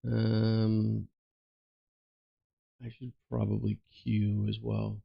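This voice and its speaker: Slow, gravelly man rambling while gaming. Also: lowish voice, no room sound, dull audio. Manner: slow, meandering, many fillers and restarts, mutters to himself. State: tired. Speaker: streamer playing an online game while chatting. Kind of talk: casual rambling chat over gameplay.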